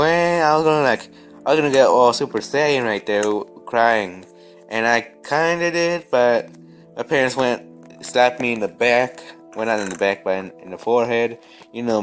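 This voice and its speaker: A young man vlogging casually while playing a game, rambling with many restarts and stammers. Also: lowish voice. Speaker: gaming vlogger.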